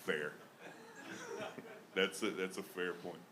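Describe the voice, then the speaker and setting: A man's voice: sits low, fairly even intonation, slow, crowd noise. A young man from Alabama, with an Alabama accent, doing a self-mocking stand-up set on a comedy club stage. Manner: self-mocking, chatty with laughs in the flow.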